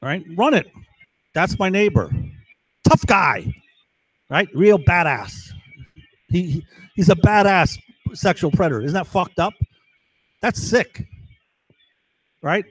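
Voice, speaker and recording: Rambling man with a high voice, agitated and profane, dry close sound. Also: big pitch swings, measured pace, long pauses, slightly rough, dry recording, low-quality recording. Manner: keeps asking "right?". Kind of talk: rambling monologue to camera.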